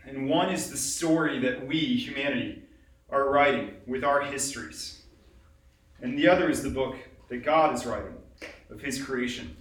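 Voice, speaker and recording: Male pastor, reflective conversational sermon, mid-pitched, heard from a distance in an echoing sanctuary. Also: a bit bright. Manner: reflective, conversational preaching with pauses. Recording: roomy sound from a distant mic.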